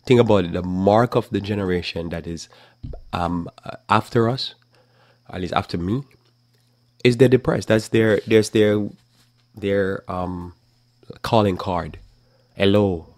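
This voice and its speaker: A man's voice: low-pitched, steady tone, moderate pace, long pauses, dry recording. A middle-aged man teaching the Bible in a conversational sermon, acting out little exchanges as he preaches. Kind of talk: live talk program sermon.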